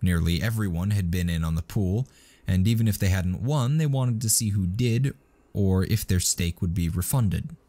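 A man reading a story aloud in a steady, scripted narration. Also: deep voice, moderate pace.

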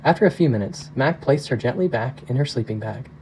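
A pastor reading a novel aloud in calm, measured narration. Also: male voice, mid-range voice, slight background noise, low-quality recording. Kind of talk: audiobook narration.

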